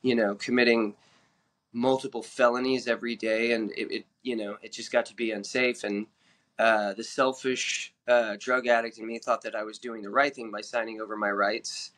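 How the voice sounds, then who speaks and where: A man's voice: mid-range voice, little pitch movement, moderate pace, fairly bright tone. A man speaking frankly on a podcast about his past, plain-spoken and full of fillers and restarts as he tells it. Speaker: podcast guest sharing recovery story. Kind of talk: candid personal storytelling.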